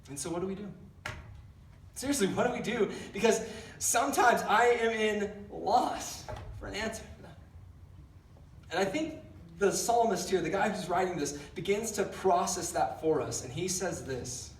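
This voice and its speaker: A man's voice: sits high, moderate pace, echoey room, recorded from a distance, slight background noise. A young man giving a casual youth sermon, telling a rambling story with lots of fillers and self-deprecating jokes. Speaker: youth pastor. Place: large church hall.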